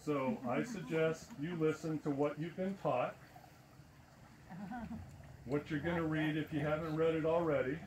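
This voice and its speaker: A man's voice: fairly high pitch, steady tone, measured pace, pauses often, a little mellow, a little hiss or hum. A man giving a talk to an audience, earnest and emphatic, repeating words for stress. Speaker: presenter.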